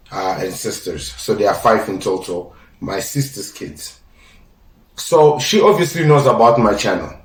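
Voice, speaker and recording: A young adult man holds forth on his podcast in an emphatic, lecturing manner, hammering his points by repeating them. His voice sits at an ordinary middle pitch. It reaches the mic from a distance, with a roomy echo around it. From South Africa. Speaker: podcast host. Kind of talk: casual opinion podcast monologue.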